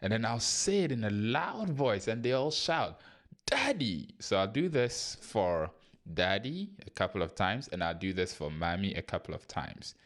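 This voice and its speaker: A man's voice: on the low side, lively intonation, moderate pace. A man who trains kindergarten English teachers, walking through his lesson plan in a conversational way and sometimes acting out his classroom prompts. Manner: demonstrates classroom prompts with a raised, sing-song teacher voice; conversational, thinks aloud with small restarts.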